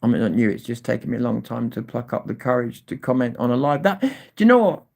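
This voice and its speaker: A livestream host reads chat aloud, sometimes confrontational and swearing, other times apologetic. His medium-pitched voice is quick, creaky and a little mellow.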